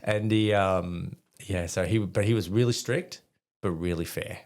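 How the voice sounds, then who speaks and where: A middle-aged man with an Australian accent and a deep, low voice, yarning casually as a podcast guest. He talks bluntly, drops swear words freely and stumbles through plenty of ums and restarts. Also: unhurried, a little mellow. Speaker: podcast guest, army veteran. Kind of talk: casual storytelling interview.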